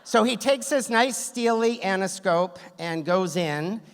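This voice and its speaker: A man's voice: sits high, expressive, unhurried, fairly bright tone, clean tone. Wry male storyteller on a stage. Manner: wry, self-deprecating, comic timing. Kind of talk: live story slam telling. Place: stage in a theater hall. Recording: long hall reverb, on stage.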